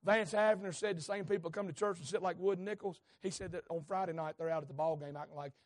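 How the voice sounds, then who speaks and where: A man preaches a sermon. His delivery is folksy and conversational, and it rises often into fervent shouting. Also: high-pitched, fairly even intonation, fast talker.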